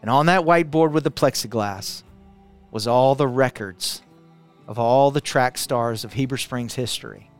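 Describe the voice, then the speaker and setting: A middle-aged man from Arkansas telling a personal testimony to a camera, building intensity through repetition and dropping quiet for emphasis. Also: mid-range voice, normal speed, soft background music. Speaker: speaker sharing a personal testimony. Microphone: camera, speaking to it.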